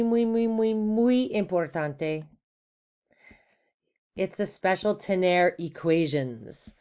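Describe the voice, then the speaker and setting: A woman's voice: medium pitch, smooth. A woman teaching a recorded Spanish lesson in an upbeat, playful way, asking questions and answering them herself.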